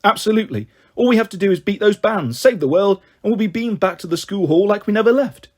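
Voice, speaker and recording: A man's voice: high-pitched, animated, fast. A man voicing a confident young boy who leads a band in a storybook reading, upbeat. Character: confident boy lead singer, band leader.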